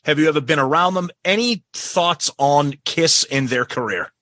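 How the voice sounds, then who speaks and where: A man's voice: on the high side, moderate pace, a bit bright, dry recording. A man hosting a podcast, eagerly asking the guest a string of rambling questions. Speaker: podcast host. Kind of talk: interview questions.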